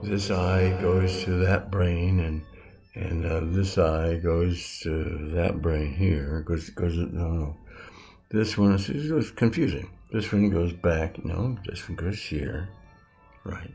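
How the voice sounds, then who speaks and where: A man in his seventies giving a rambling, halting spiritual lesson, often correcting himself. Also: low voice, dark tone, breathy edge, faint music behind. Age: 70s. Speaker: self-styled metaphysics teacher.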